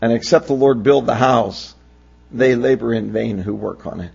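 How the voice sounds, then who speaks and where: A man's voice: mid-range voice, moderate pace, vocal fry, a little mellow, slightly rough, muffled recording. A pastor in his sixties from Pennsylvania, preaching a sermon with folksy, humorous storytelling. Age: 60s.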